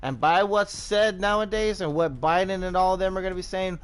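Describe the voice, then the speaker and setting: American guy streamer, slightly high voice, rambling, swears a lot. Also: brisk, clean tone. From United States. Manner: profane, rambling, restarts often. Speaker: livestreamer. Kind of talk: casual rambling commentary while gaming.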